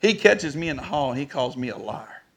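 A man preaching a storytelling sermon, animated and rising to shouts at the peaks. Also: mid-range voice, fairly quick.

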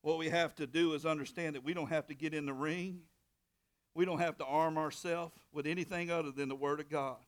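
A man preaching a sermon, with rising shouted bursts and call-and-response to the congregation. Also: on the high side, steady tone, fairly quick. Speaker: pastor.

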